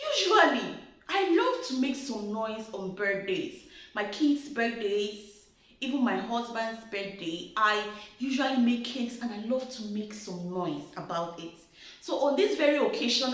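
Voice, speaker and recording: Animated woman telling a story. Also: fairly high pitch. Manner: animated, chatty storyteller who laughs often. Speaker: marriage advice speaker. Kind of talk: storytelling advice talk. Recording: very echoey room.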